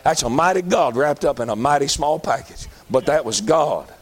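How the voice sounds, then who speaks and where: A man's voice: a little high, expressive, normal speed. A man preaching a sermon in a folksy, emphatic manner.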